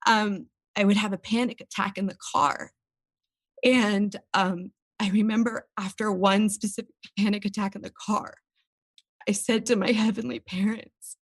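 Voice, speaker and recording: A woman's voice: medium pitch, fairly even intonation, normal speed, slightly rough, no room sound. A woman, an interview guest talking openly and earnestly about personal experiences. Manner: earnest and open, tearful at times. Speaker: podcast guest. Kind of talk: candid interview talk.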